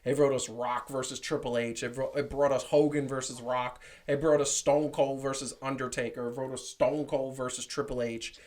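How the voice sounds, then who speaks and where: A man co-host in casual chat, making his points with emphasis and repeating himself. His voice sits at an ordinary middle pitch. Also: flat delivery, normal speed, hardly any pauses, darkish tone. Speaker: podcast co-host.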